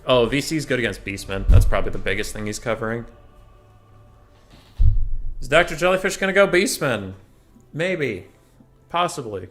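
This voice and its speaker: A man's voice: medium pitch, expressive, moderate pace, pauses often, fairly bright tone, faint music behind. A young man casting a strategy game tournament, chatty and joking as he thinks aloud about the matchups. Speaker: tournament caster. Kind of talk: casual game commentary.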